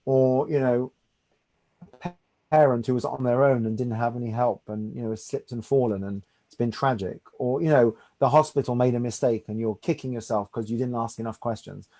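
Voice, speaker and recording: A man leads a study group as its rabbi. His voice sits dark and mellow, and he talks in an easy, conversational way, often tagging "right?" onto his points. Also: medium pitch, fairly even intonation, normal speed. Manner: conversational, reassuring, asks "right?". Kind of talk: teaching a study class.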